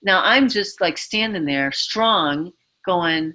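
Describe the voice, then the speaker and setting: A woman with a bright, clear voice talks through emotional advice as an interview guest. She rambles, leans on fillers and slips into acting out her own inner voice. Her pitch sits at an ordinary middle height. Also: big pitch swings, measured pace, low-quality recording. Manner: rambling, filler-heavy, acts out inner dialogue. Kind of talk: casual advice talk.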